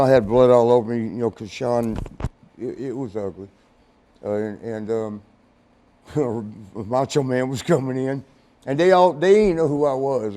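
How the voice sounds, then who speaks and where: A middle-aged former wrestler with a warm, relaxed, mid-range voice shares backstage stories in a studio interview. He rambles and restarts, swears casually and laughs often, and imitates other people's voices when quoting them.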